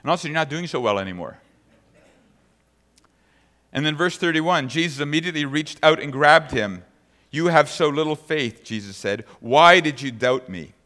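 A man's voice: on the high side, animated, moderate pace, bright, forceful tone, long reverb tail. A man preaching a sermon as pastor, reading scripture aloud and then speaking conversationally to the congregation.

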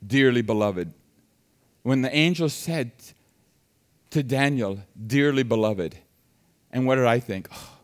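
A man preaching a sermon, reading scripture and explaining it in an animated way that swings between soft and loud. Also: medium pitch.

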